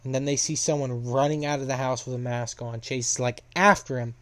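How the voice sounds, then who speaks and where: A man's voice: mid-range voice, level tone, brisk, a little mellow. A young man casually recapping a story plot, rambling with lots of fillers.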